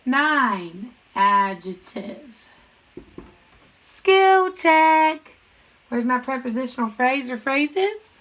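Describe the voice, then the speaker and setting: A woman teaching a grammar lesson, chanting sentence parts in quick questions and answers and speaking to students directly. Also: high voice, big pitch swings, a bit bright, poor audio. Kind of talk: recorded classroom lesson.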